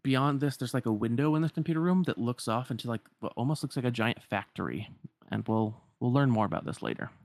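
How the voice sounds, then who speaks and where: A man's voice: medium pitch, fast talker, a little mellow, no room sound. A man casually retelling a story as a podcast host, with lots of filler words.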